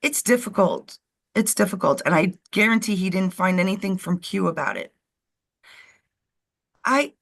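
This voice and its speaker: Chatty woman with a lively, swinging voice. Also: mid-range voice. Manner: chatty, rambling, scolding her dog. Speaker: co-host of a live show. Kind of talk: casual live-stream chat.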